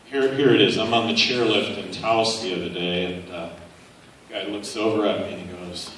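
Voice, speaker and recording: A man's voice: fairly low pitch, fairly even intonation, normal speed, distant mic, noisy background. A man giving a public campaign speech in a conversational, anecdotal way, with frequent "uh" fillers. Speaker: political speaker. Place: large university hall. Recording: echoey hall, picked up from afar.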